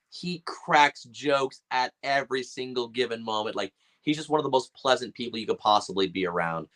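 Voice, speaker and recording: A man, a voice actor guest on a podcast, telling stories in casual chat and acting out quoted voices. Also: medium pitch. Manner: animated, acts out quotes in voices.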